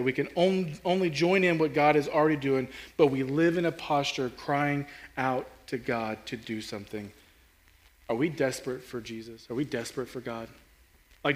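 A man's voice: a little high, a bit bright. A man preaching a sermon as pastor, earnest and rising in intensity, often repeating and restarting his words.

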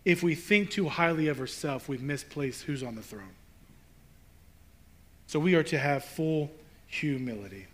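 A man's voice: on the high side, lively intonation, measured pace, long pauses. A male pastor preaching a sermon in a conversational, emphatic way, building to rhetorical questions.

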